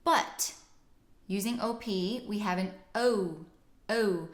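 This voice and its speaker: A woman teaching pronunciation, talking through lessons and modelling sounds with clear, exaggerated vowels. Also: medium pitch, slow pace. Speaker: singing teacher and host. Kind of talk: instructional lesson with spoken demonstrations. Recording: roomy echo.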